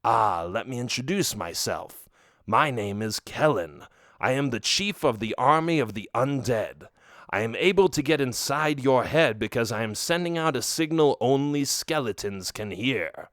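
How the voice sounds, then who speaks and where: A man's voice: medium pitch, animated, fairly bright tone, no room sound, clean studio sound. A man voicing a scheming male skeleton chief of an undead army, sinister and gloating in an audiobook for children. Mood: menacing. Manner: sinister, gloating, with slow deliberate threats.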